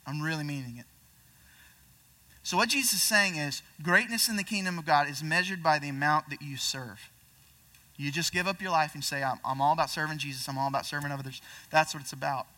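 Bright-voiced young pastor preaching. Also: male voice, a little high, far from the mic. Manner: conversational preaching, acts out voices of disciples. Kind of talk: sermon.

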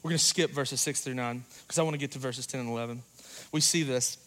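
A man preaching a sermon in a church, talking casually and joking, going loud and then quiet for emphasis. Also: mid-range voice, fairly even intonation, quick pace. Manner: conversational, joking, rises and drops in volume for emphasis.

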